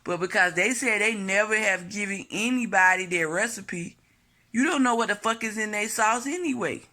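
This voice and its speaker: Woman vlogger going off, bright sharp voice, cussing and repeating herself to make the point. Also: mid-range voice, moderate pace. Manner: blunt and profane, repeats points for emphasis. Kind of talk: opinionated casual monologue.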